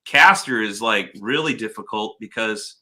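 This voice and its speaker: A man's voice: fairly low pitch, a little slow. A man hosting a casual chat, telling stories loosely and swearing freely. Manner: storytelling, swears freely, animated when retelling. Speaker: podcast host.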